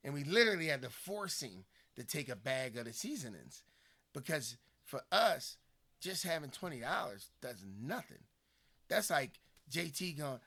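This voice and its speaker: A man from the Philadelphia area talks casually on a podcast, telling stories and acting out what others said. His voice is bright and forceful, and he sits mid-pitch for a man. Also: normal speed, creaky. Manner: animated storytelling, acts out quoted people. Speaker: podcast co-host. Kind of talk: casual conversation.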